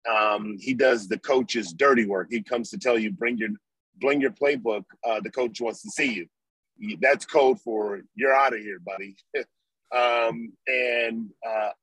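Husky-voiced former football player telling stories. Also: male voice, mid-range voice, no echo, rough recording. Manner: animated storyteller, acts out his own past thoughts. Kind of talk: storytelling interview.

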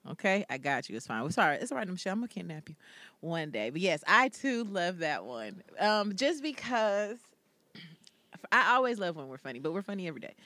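A woman in her thirties co-hosting a podcast in casual chat, animated and teasing, laughing often. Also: medium pitch. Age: 30s. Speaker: podcast co-host.

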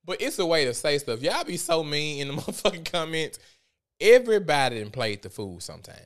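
A man giving casual commentary on a vlog, animated and profane as he tells a story. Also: a little high, fairly quick. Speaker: vlogger.

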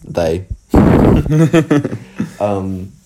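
A man's voice: deep voice, little pitch movement, drawn-out words, heavy background noise. A young man co-hosting a podcast, telling stories in a laid-back casual chat and swearing freely. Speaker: podcast co-host.

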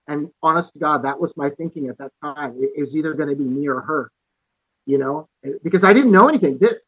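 A man's voice: a little high, fairly bright tone, husky, no room sound, muffled recording. A man from Canada, a podcast guest, telling a personal story earnestly, with vivid details, restarts and frequent "you know". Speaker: podcast guest, author and musician.

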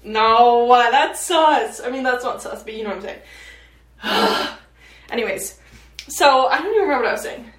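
Rambling teen woman, high voice, lots of fillers, echoey room, mic set back. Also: normal speed, fairly bright tone, distant mic. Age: late teens. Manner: chatty, meandering, frequent fillers. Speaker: podcast host. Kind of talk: casual rambling chat.

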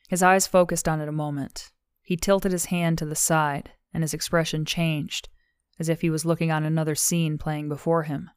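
Low, smooth-voiced woman narrating a novel. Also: no echo, studio quality. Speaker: audiobook narrator. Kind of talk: scripted audiobook narration.

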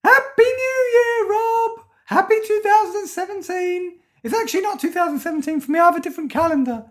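A man voicing a smug, threatening male alien cult member in a high, shrill, mocking voice. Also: fairly quick.

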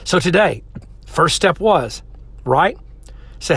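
A man's voice: on the high side, lively intonation, unhurried, a bit bright, husky, no echo. A man giving earnest, direct relationship advice to couples, talking straight to the men and the ladies listening. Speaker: relationship speaker. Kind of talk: motivational advice talk.

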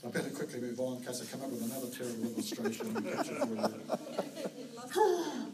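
A man with a New Zealand accent preaching a sermon as pastor, telling stories with animated delivery and shouted herding calls. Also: mid-range voice, quick pace. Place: church auditorium. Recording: roomy, distant hall mic with faint noise.

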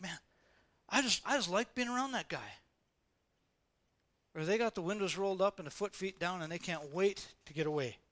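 A man's voice: high-pitched, sharp tone. A man preaching a sermon in a conversational way, repeating phrases for emphasis and acting out quoted voices. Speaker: pastor.

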